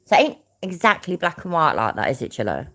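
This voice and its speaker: A woman with a British accent and a low voice reads out a news report and then reacts to it. She is blunt and sarcastic and swears freely. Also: very animated, fast, a bit bright. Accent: British English. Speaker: commentary channel host. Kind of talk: reacting to a news story and clip.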